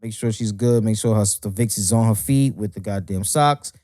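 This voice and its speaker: A man's voice: fairly low pitch, moderate pace, dry recording, studio quality. A man co-hosting a podcast, telling stories in a casual, profane, ranting way. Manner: animated, profane ranting storyteller. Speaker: podcast co-host. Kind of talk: casual chat.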